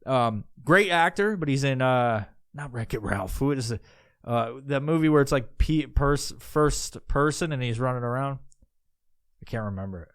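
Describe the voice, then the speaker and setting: A man's voice: mid-range voice, lively intonation, moderate pace, smooth, no room sound, studio quality. Rambling, profane podcast man. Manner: rambling, profane, with many restarts. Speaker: podcast host. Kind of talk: casual rambling monologue.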